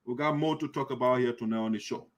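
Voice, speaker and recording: A man from Liberia, hosting a diaspora community show and delivering impassioned, accusatory political commentary, repeating himself for emphasis and sometimes shouting. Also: medium pitch, fast.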